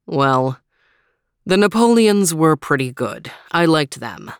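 Woman doing a sharp-tongued dog, low. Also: sing-song, takes it slowly, clear, resonant tone, no echo, studio quality, heavily acted. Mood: snippy.

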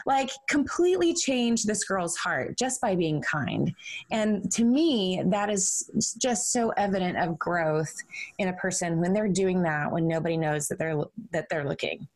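A woman hosting a podcast, telling a story in a casual, animated way and saying "like" often. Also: lowish voice, measured pace. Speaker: podcast host.

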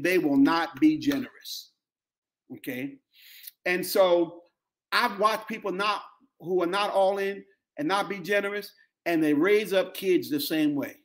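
Middle-aged male pastor, African-American English accent, high-pitched voice, preaching with repetition and call-outs. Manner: preaching with call-outs to the congregation, repeating phrases for emphasis. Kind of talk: sermon.

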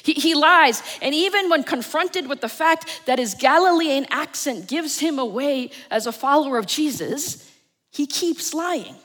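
A woman with a New Jersey accent preaching a Sunday sermon, telling the story with dramatic swings from loud to hushed. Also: high-pitched, lively intonation, unhurried. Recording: long church reverb.

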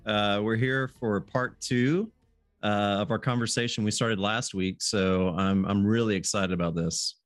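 A man with a lowish voice hosts a relaxed podcast conversation. He is easygoing and chuckles often. The sound is dry and close, with no room echo. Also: measured pace. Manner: easygoing, laughs often, restarts phrases. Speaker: podcast host. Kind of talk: casual podcast chat.

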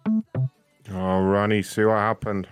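Low-voiced, blunt, cussing man. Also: takes it slowly, clean tone, dry recording, soft background music. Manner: blunt and profane, joking with co-hosts. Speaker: prank call show host. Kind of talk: casual live-stream banter.

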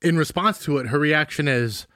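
A man's voice: fairly high pitch, moderate pace, sharp tone, no room sound, studio quality. A young man co-hosting a casual podcast, teasing his friend with crude jokes. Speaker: podcast co-host. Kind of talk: casual chat reviewing a movie.

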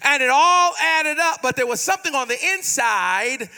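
A man preaches from a church pulpit in a very high, sharp and bright voice. He works the congregation in call and response, climbs to shouts and half-sung lines, then sinks into hushed, pleading prayers. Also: expressive, moderate pace. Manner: acts out prayers in a softer, pleading voice. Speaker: pastor. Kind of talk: sermon. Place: church sanctuary.

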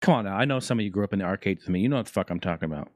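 A man hosting a casual talk show, rambling through news and stories in a profane, joking, animated way. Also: low-pitched, racing, no room sound, clean studio sound. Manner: profane, jokey, animated storytelling. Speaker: podcast host.

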